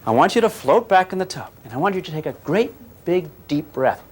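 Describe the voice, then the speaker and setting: An older physics teacher lectures his class in a brisk, rather high voice with a breathy edge and big pitch swings. As he explains, he teases his students and fires questions at them.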